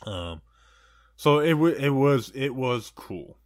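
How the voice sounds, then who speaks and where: A man's voice: medium pitch, animated, takes it slowly, no room sound, studio quality. A man co-hosting a casual sports podcast, joking around and rambling with plenty of "like" and "you know.". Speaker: podcast co-host.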